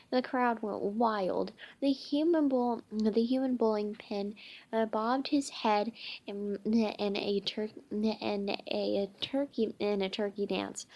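Slow, halting woman reading a storybook. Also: mid-range voice, dark tone. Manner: halting, many slips and restarts with "uh". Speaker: reader. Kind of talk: reading a children's book aloud.

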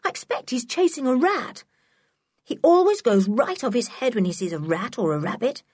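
A woman's voice: fairly high pitch, big pitch swings, moderate pace, darkish tone, breathy edge, no echo, studio quality, voice pushed up. A woman reading a storybook, voicing a spirited, outspoken tomboy girl.

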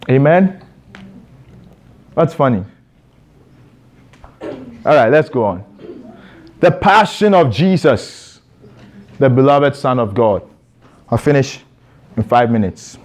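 A man's voice: medium pitch, very animated, takes it slowly, pauses often, darkish tone. A man preaching a sermon to a congregation in a church, asking rhetorical questions and calling for responses.

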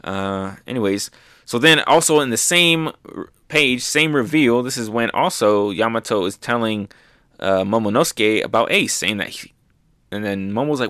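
A young man casually recapping manga chapters, excited and loose, with lots of fillers. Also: medium pitch, moderate pace, no echo, clean studio sound. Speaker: manga reviewer.

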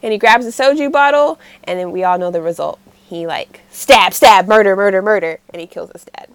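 A woman co-hosting a casual chat show, recapping a comic with lively acted-out lines. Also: mid-range voice, brisk, clean tone, no echo. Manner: animated, acts out characters' lines. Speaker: podcast co-host.

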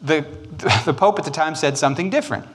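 A man teaching church history in a casual, jokey way with animated asides. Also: fairly high pitch, a little fast.

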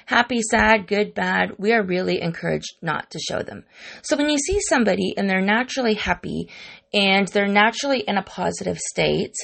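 A woman's voice: mid-range voice, animated, moderate pace, vocal fry. A middle-aged woman hosting a wellness podcast, talking candidly and reflectively to her listeners. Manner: warm, candid, confiding, with repetitions. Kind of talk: casual reflective podcast monologue.

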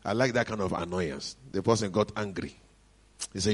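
A middle-aged man with a Nigerian accent, preaching and telling a testimony in an animated, joyful manner. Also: low voice, moderate pace, slightly rough. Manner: animated storytelling with frequent laughs and hallelujahs. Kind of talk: sermon testimony.

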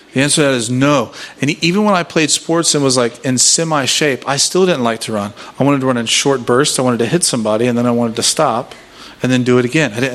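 A man's voice: medium pitch, fairly bright tone. A man in his thirties giving a workshop talk in a sermon style, casual and self-deprecating, telling family stories and asking the room questions. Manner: conversational, self-deprecating storytelling with rhetorical questions. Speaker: workshop speaker.

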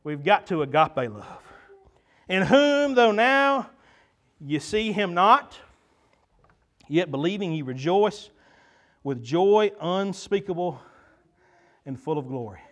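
Male pastor with a high voice, fervent folksy sermon delivery, lots of hesitant fillers. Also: very animated, slow pace, pauses often, a bit bright.

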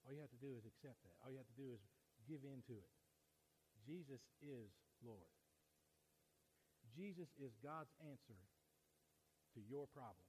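A man, preaching a sermon in a folksy way that swings from quiet to loud. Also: medium pitch, expressive, normal speed, pauses often, slight background noise, rough recording.

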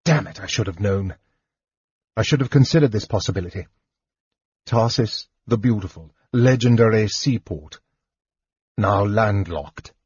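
Male reader as a gruff, sardonic half-elf, low and husky. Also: animated, measured pace, long pauses, a little mellow, dry recording, heavily acted. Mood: curt. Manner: sardonic, irritable. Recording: dull dry recording.

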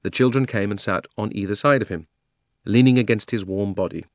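A man narrating a children's audiobook with measured storytelling. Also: on the low side, dry recording, clean studio sound. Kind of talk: scripted narration.

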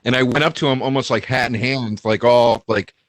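A man telling a story in casual chat, animated and acting out quotes. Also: fairly quick. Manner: animated, acts out quotes in high voices.

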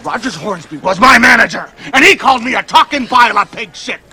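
A gruff, drunken baseball manager who barks and berates his players in a high, swinging voice. The film audio carries clear background noise. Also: animated, brisk, full character voice. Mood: indignant. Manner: berating, shouting. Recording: noisy film clip.

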